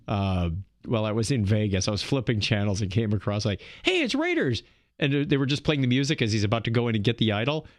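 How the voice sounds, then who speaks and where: A male podcast co-host in casual chat, making quick jokes and laughing often. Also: on the low side, no echo, clean studio sound. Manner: quippy, joking, laughs often.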